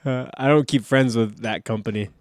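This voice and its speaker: A man talking on a podcast in a laid-back, low-key way. He swears casually and keeps things loose. The sound is dry and close to the mic. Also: moderate pace, no room sound. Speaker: podcast co-host. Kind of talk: casual chat.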